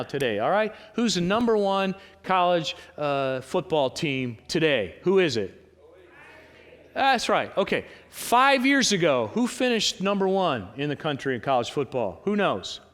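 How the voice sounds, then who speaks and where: A male pastor delivers a sermon in a loose, conversational way, full of rhetorical questions and quick asides to the congregation. His voice sits a little high for a man. The sound carries a long reverb from the church sanctuary. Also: fairly bright tone.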